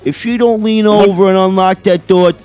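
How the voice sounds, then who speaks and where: A man's voice: high-pitched, fairly even intonation, moderate pace, a little mellow, clear, resonant tone, dry recording, soft background music, pitched above the performer's own voice, close to an everyday voice. A man putting on a crude older uncle, handing out bossy advice. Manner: brash, bossy. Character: crude older Italian-American uncle giving dating advice.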